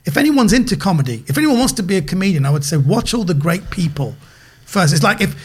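A middle-aged man with a British accent, an animated guest comedian chatting on a podcast who repeats words as he gets going. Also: high-pitched, fast talker, slightly rough. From Britain. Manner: animated storyteller, repeats words when excited. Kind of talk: casual podcast chat.

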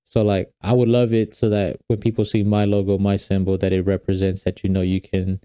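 A man's voice: low voice, monotone, fairly quick, dark tone, smooth, dry recording. A young man hosting his own podcast, talking casually and rambling with fillers and restarts. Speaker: podcast host. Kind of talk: casual solo podcast talk.

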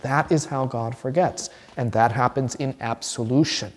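A man's voice: mid-range voice, moderate pace. A man teaching as a pastor in a conversational, informal sermon, acting out little voices in his examples. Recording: reverberant hall.

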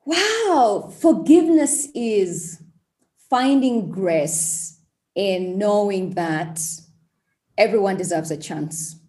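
A woman's voice: medium pitch, very slow, darkish tone. A young woman, speaking as a guest in a podcast interview, earnest and openly emotional. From Uganda. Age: young adult. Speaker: tech entrepreneur guest.

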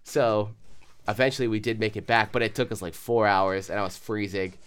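A man's voice: fairly low pitch, steady tone, brisk, clear, resonant tone. Young Canadian male podcast co-host, casual rambling storyteller. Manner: rambling, profane, acts out quotes in voices.

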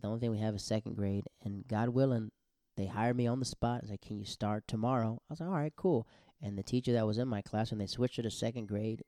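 A man hosting a solo podcast, talking in a rambling, self-correcting way with sudden bursts of excitement. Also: lowish voice, dry recording, studio quality. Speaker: podcast host.

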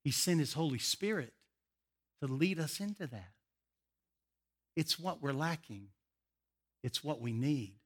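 An older man preaching a sermon, an animated, emotional storyteller who often laughs. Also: on the high side, measured pace, pauses often, husky. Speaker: pastor.

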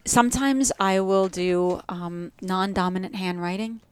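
Smooth-voiced woman with a New Jersey accent. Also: medium pitch, unhurried, no room sound. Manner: reflective, spiritual, talks in metaphors. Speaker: guest. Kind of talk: casual podcast conversation.

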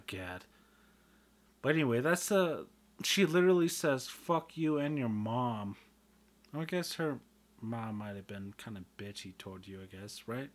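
Man, casual solo rant: profane, self-mocking, bright tense tone, medium pitch. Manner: profane, joking, self-deprecating, swings loud and excited. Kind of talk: casual rambling monologue.

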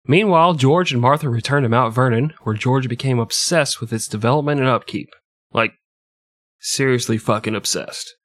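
Profane joking podcast host. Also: male voice, mid-range voice, normal speed, fairly bright tone, no echo, clean studio sound. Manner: irreverent, profane, laughs often. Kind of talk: comedic history narration.

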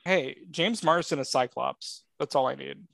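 A man's voice: mid-range voice, normal speed, creaky, a bit bright, no room sound. A man co-hosting a casual pop-culture podcast, rambling through his points with lots of filler words and plenty of fan enthusiasm. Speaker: podcast co-host.

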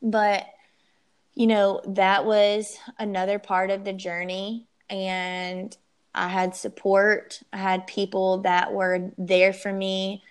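A young woman telling her personal story as an interview guest, emotional and halting, often restarting her sentences. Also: mid-range voice, little pitch movement, clean tone.

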